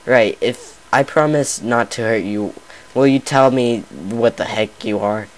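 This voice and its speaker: A man's voice: mid-range voice, unhurried, natural voice, low-quality recording. A man voicing an impatient, foul-mouthed male soldier who talks bluntly and makes demands. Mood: grudging.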